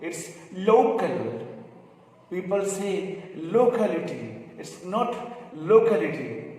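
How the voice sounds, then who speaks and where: A man's voice: high-pitched, darkish tone. Man teaching pronunciation, echoey room. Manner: repeats each word slowly, drawing out sounds. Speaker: English teacher. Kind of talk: pronunciation lesson. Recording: echoey room, mic far off, faint noise.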